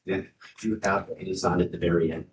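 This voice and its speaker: A man's voice: deep voice, fairly even intonation, brisk, slight background noise. A man in the class making brief casual remarks about the lesson. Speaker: student.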